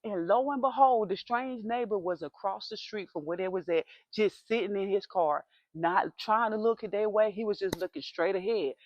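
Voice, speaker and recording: A woman's voice: mid-range voice, normal speed, dry recording, dull audio. A woman telling a story in a casual, chatty, conversational way.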